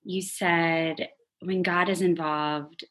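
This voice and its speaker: A woman hosting an interview, reflecting on her guest's story in a warm, thoughtful way. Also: lowish voice, fairly even intonation, slow pace. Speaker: podcast host. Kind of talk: casual interview chat.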